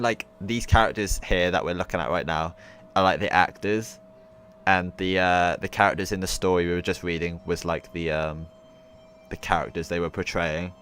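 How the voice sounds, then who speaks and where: A young man live-streaming a visual novel, rambling casually with lots of fillers and the odd swear. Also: deep voice. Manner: rambling, filler-heavy, swears, laughs loudly. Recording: noisy stream audio with hum.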